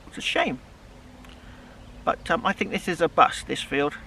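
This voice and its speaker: A man's voice: fairly high pitch, lively intonation, unhurried, vocal fry, bright, forceful tone, slight background noise. A man with a West Country accent talking casually outdoors as a metal detecting vlogger, rambling with many restarts. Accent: West Country English. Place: outdoors in a field, then a pub.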